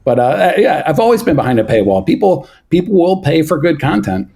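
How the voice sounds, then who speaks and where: A man's voice: fairly high pitch, very animated, fairly quick, gravelly, dark tone. A man being interviewed as a guest, a sports media reporter speaking earnestly and hesitantly, full of restarts. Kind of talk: interview over a phone line.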